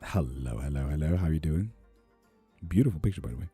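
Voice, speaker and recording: A man in his thirties with a very deep, dark, husky voice reads tarot on a live stream, speaking animatedly and a little fast over soft background music. Laid-back and joking, he chats casually with viewers and reads their comments aloud.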